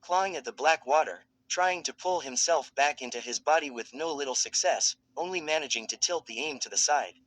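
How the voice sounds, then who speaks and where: A man narrating a fan fiction story in a steady, dramatic storytelling manner. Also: on the high side, a little fast, hardly any pauses, poor audio.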